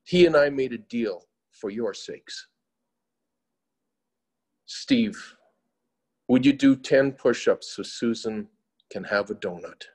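A man's voice: medium pitch, slow, long pauses, a little mellow, husky. A man reading as a grave, kindly professor. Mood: solemn. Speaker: teacher.

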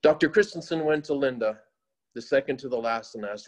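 A man narrating a moral story in a slow, solemn, often quiet way. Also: mid-range voice.

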